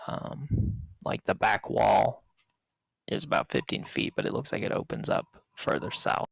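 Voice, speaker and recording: A man's voice: on the low side, very animated, vocal fry, no echo. A man running a tabletop game as game master, narrating loosely with many restarts. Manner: loose, halting, lots of fillers and restarts.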